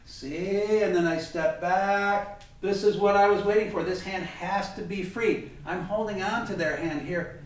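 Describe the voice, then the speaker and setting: A man's voice: high voice, a little slow. A man teaching a tai chi class over video, chatty and correcting himself as he demonstrates moves in a training room. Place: training room with heavy bag. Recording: very echoey room, distant mic, faint hiss.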